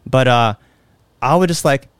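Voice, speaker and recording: A man's voice: medium pitch, measured pace, smooth, no room sound, studio quality. A man hosting a podcast, telling stories in casual chat with plenty of fillers. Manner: animated storyteller who acts out quotes; lots of fillers. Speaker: podcast host.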